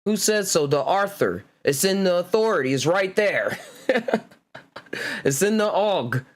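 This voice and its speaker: A man's voice: sits high, expressive. Laid-back man musing on word roots. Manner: laid-back, laughs often, reads words out slowly. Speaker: podcast host. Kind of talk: casual solo chat reading etymology.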